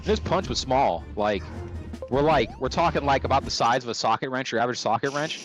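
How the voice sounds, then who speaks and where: A man's voice: medium pitch, fairly quick, music in the background. A man from California chatting casually over gameplay, ranting profanely with many restarts. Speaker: streamer.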